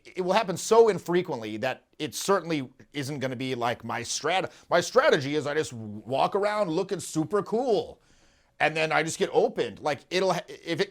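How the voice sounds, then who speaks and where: A man's voice: fairly high pitch, animated, moderate pace. A man, a dating coach, giving casual, emphatic commentary on a TV scene and often repeating himself.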